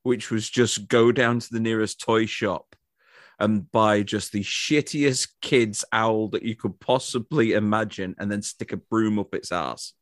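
A man's voice: lowish voice, unhurried, no room sound, studio quality. A man mocking a bad movie in casual podcast chat, sardonic and profane.

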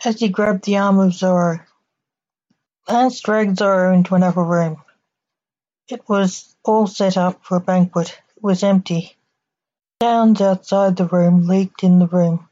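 Woman reading a story on her podcast, slow, mellow, dull lo-fi sound. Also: medium pitch, fairly even intonation. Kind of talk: reading a short story aloud.

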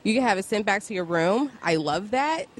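A woman's voice: mid-range voice, animated, a little fast. A woman in her thirties or forties, a podcast guest, talking enthusiastically and laughing often in casual chat.

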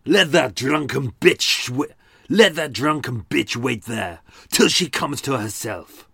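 A man's voice: mid-range voice, lively intonation, slow pace, bright, forceful tone, no echo, studio quality, full character voice. A man voicing a violent, angry older Scottish husband in a harsh, guttural attempted Glaswegian accent. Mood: menacing. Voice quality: gruff, guttural.

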